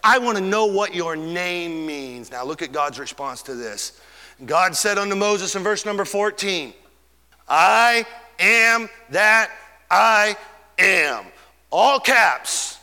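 A man preaching a fervent sermon, stretching key words and swinging between loud and soft. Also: high voice, lively intonation, measured pace, clear, resonant tone, long reverb tail.

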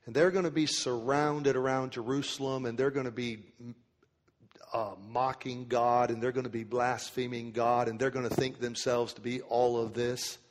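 In a church sanctuary, a male preacher gives a sermon at an ordinary middle pitch with little pitch movement. He slows down to read scripture aloud, then explains it in everyday language, while a long reverb trails his words.

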